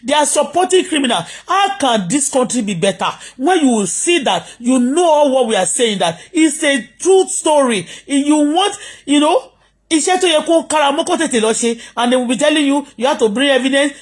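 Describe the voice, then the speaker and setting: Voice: high voice, animated, brisk. A middle-aged vlogger from Nigeria with a Yoruba accent, ranting indignantly on a phone livestream, mixing English and Yoruba and often asking listeners whether they understand. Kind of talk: impassioned livestream rant. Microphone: phone on a live stream.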